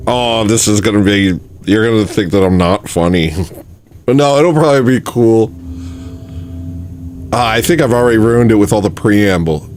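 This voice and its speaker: Male streamer host, self-deprecating, rambling delivery, faint music underneath. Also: mid-range voice. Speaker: livestream host. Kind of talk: casual chat, trying out jokes.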